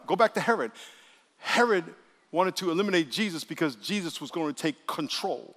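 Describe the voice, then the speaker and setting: A man preaching a lively sermon as pastor, acting out voices he quotes. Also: on the high side, moderate pace. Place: church sanctuary. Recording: long reverb of a church hall.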